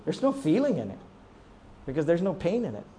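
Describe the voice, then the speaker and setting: High-voiced impassioned male preacher. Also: huge pitch swings, a little fast, slight background noise. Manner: impassioned preaching, rising to near-shouts, then dropping low; asks the congregation rhetorical questions, often ending with "right?". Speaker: pastor. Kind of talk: sermon.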